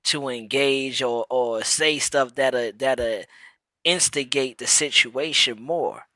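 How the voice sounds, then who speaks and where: A man talking on a casual live stream, his voice bright and forceful. He speaks in slang and circles back over his words as he works toward a point. The sound is dry and close, with no room echo. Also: medium pitch, slow pace. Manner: repeats words while building a point, slangy. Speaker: podcast co-host.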